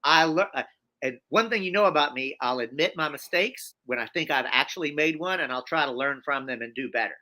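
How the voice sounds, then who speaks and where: A man, a guest in a conversational interview, telling his story in an animated, emphatic way with frequent restarts and repeated phrases. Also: on the high side, a little fast.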